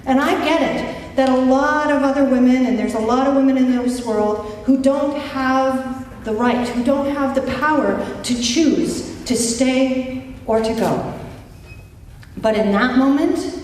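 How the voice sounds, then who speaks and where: A woman coach giving an inspirational conference talk, telling a candid personal story slowly, with wry humor. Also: high-pitched, darkish tone, a little hiss or hum. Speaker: life and recovery coach, conference speaker. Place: conference hall. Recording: echoey hall from far off.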